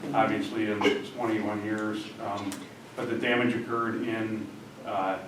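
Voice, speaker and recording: A man giving a report at a village board meeting, halting with many ums and restarts. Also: lowish voice, little pitch movement. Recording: echoey room from far off, background noise.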